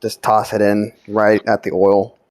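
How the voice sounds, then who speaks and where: A tabletop player with a very deep voice talks casually and swears freely. The sound is dry and close. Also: completely flat delivery, unhurried, a little mellow, no echo.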